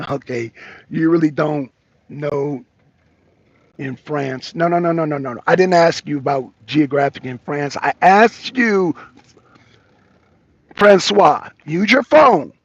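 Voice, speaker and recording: A man hosting a casual live debate, teasing and needling his guest as he hammers the same point again and again. His voice sits high and gravelly, with a husky edge. The lo-fi stream audio sounds dull and dry. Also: slow pace, no room sound. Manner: mocking, repeats himself for emphasis. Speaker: talk show host debating a guest.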